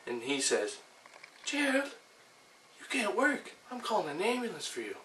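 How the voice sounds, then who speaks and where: A man's voice: high-pitched, wildly swooping pitch, moderate pace, bright, forceful tone, voice pushed up, heavily acted. A man reciting a monologue as a foul-mouthed, boastful male chicken catcher, ranting profanely, recorded roomy and from a distance with faint ambient noise.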